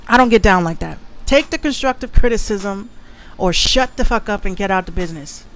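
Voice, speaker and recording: A woman's voice: mid-range voice, lively intonation, brisk, fairly bright tone. Brash Bronx woman hosting a livestream. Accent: New York, Bronx. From the Bronx, New York. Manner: brash, boastful, repeats phrases. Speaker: livestream show host, rapper and producer. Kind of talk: casual livestream chat.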